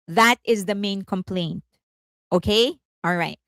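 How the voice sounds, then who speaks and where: This chatty woman hosts casual commentary in a voice of ordinary female pitch, a bit bright and a little slow. She giggles often and stops mid-sentence to correct herself. The recording sounds close and dry.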